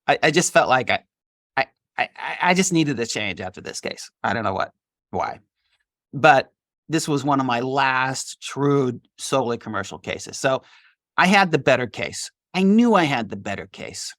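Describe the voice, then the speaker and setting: A man's voice: mid-range voice, moderate pace, dry recording, clean studio sound. A middle-aged man, a litigation attorney, telling a story from his work in an interview and acting out the dialogue. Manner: animated, acts out quoted dialogue.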